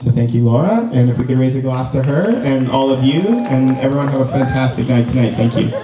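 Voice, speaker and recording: A man's voice: mid-range voice, expressive, a little fast, over loud music. A young man from Canada, the groom, giving an earnest, rambling wedding speech full of ums and restarts. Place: wedding reception room. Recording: distant, roomy, slightly dull hall recording.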